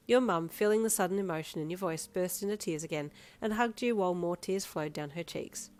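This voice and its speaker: Lower-voiced woman narrating fanfiction. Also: brisk, hardly any pauses. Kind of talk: second-person story narration. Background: soft instrumental music.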